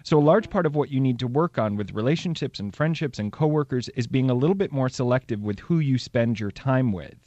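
A man's voice: medium pitch, animated, fairly quick, hardly any pauses, mellow, dry recording, lo-fi sound. A man hosting a call-in radio show and giving psychic readings, chatty and upbeat, laughing easily. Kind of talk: casual call-in radio talk.

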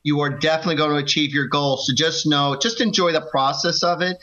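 A man's voice: on the high side, fast talker. A man co-hosting a call-in psychic radio show, encouraging the caller and telling stories. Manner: encouraging, storytelling, animated quoting. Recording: dull lo-fi radio sound.

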